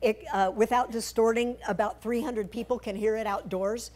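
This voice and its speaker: Her voice sits a little high and a little mellow, with fairly even intonation and a normal speed. Standing before the church congregation in the sanctuary, she presents slides from a mission trip in a chatty, funny way, tossing in playful asides.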